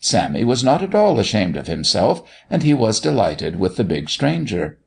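A man narrating a story in expressive, scripted storytelling. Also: fairly low pitch, moderate pace, gravelly, slightly rough.

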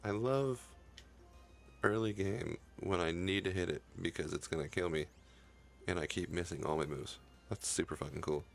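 Young man, very low voice, gravelly fry, profane frustrated gameplay commentary. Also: fairly even intonation, brisk, faint music behind. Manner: frustrated, swearing at the game. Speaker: gaming YouTuber. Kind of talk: profane Let's Play commentary.

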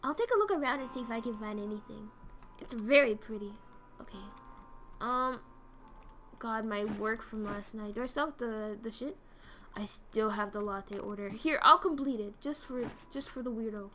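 High, bright-voiced excitable woman streamer. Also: moderate pace, slight background noise. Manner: excitable, swears, reads game dialogue aloud. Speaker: streamer playing a game. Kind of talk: casual gameplay commentary.

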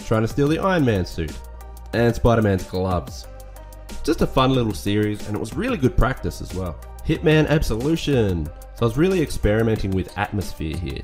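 A man giving casual voice-over commentary on his old artwork, relaxed, self-critical and enthusiastic. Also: on the low side. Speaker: artist reviewing his old work.

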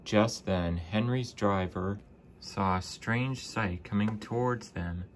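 Slow, low-voiced male storyteller. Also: background noise. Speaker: narrator. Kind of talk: storybook narration.

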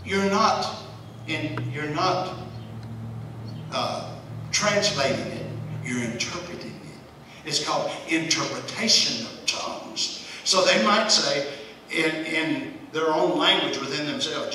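A man's voice: on the high side, animated, slow, sharp tone. A man teaching an informal church Bible study in a folksy, conversational way, chuckling often. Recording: echoey room, distant mic, faint hiss.

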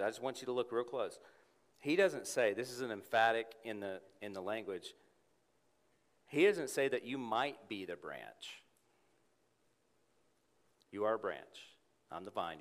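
A man preaching a sermon in church, earnest, rising to emphatic peaks and dropping to a soft hush. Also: on the low side, lively intonation, normal speed. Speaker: pastor. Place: church sanctuary with congregation. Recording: long hall reverb.

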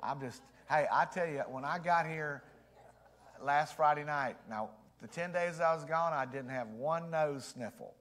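A man preaches from the pulpit of a church, his voice pitched a little high and strained from allergies. He talks in a folksy, joking way, with easy fillers and asides to his congregation. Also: measured pace, fairly bright tone. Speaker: pastor. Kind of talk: sermon. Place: church sanctuary.

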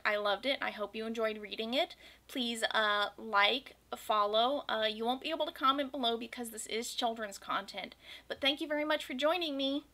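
A woman's voice: fairly high pitch, sharp tone. A woman reading a children's picture book aloud and chatting about it afterward. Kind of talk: read-aloud storytelling.

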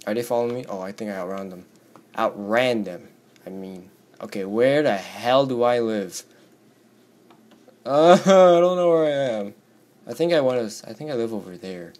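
A teenage boy with a hoarse, worn-out voice, rambling casually through a game commentary and jumping into yelps whenever something scares him. Keyboard typing clicks in the background as he plays. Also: lowish voice, brisk. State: hoarse from screaming. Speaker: gaming YouTuber. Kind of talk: Minecraft let's play commentary.

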